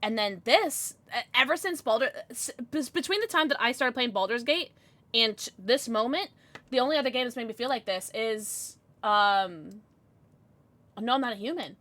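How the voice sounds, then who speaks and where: A young woman streaming live, chatting casually with her viewers and squealing with excitement as she reads chat. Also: a little high, normal speed. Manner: chatty, bubbly, squeals when reading chat.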